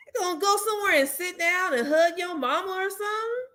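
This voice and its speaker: A woman hosting an online book club, chatting casually and directly to her viewers, animated and often laughing in exasperation. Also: very high-pitched, brisk. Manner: talks straight to viewers. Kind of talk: casual chat.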